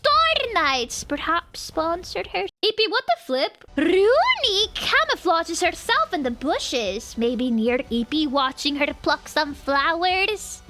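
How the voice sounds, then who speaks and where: A woman's voice: very high voice, sing-song, slow pace, few pauses, heavy background noise. A young woman streamer giving playful, giggly commentary on a game, full of exclamations.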